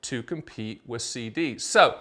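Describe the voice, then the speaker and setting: A middle-aged man hosting his own show as an agent, explaining to camera in a punchy, salesy patter full of rhetorical questions and quick asides. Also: medium pitch, bright, forceful tone. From United States. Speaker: annuity agent and show host. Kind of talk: energetic solo explainer to camera.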